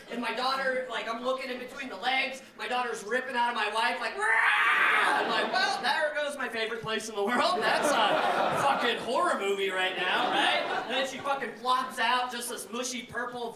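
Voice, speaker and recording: A man doing a loud, profane stand-up comedy set, telling brash stories. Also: very high voice. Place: live comedy venue. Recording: echoey live room from far off. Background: audience laughter.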